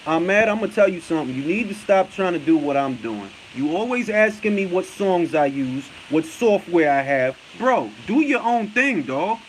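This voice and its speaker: Animated New York man, high voice. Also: moderate pace, few pauses, slight background noise, low-quality recording. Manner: blunt, profane and laughing. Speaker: boxing talk show host. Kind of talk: casual commentary, answering viewer comments.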